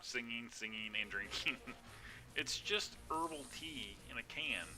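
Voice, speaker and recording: A man's voice: mid-range voice, animated, a little slow, music in the background. A man chatting casually and laughing often while live-streaming a game.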